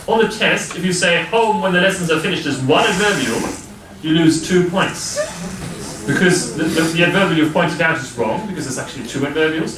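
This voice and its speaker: A man's voice: a little high, a bit bright. Male university lecturer, step-by-step explainer, recorded at a distance, with noise behind. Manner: explaining step by step, asking the class questions. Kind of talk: classroom lecture. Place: lecture hall. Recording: distant voice in a noisy, echoey lecture hall.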